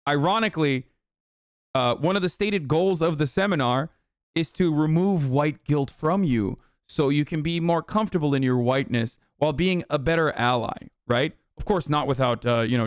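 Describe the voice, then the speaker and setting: A man's voice: medium pitch, clean tone. A man ranting on a live stream, swearing often and sounding fed up as he reads lines of text aloud and tears into them. His voice sits in a middle register. The sound is dry and close, with no room echo. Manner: blunt, profane, exasperated ranting.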